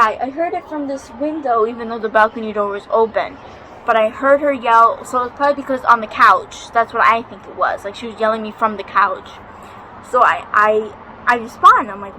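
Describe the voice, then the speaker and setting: Young woman rambling through a spooky story at home, bright voice, slightly high, faint hiss behind. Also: poor audio. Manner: chatty, swears freely, dramatic retelling. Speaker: vlogger. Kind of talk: casual storytelling vlog. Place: home, near a balcony.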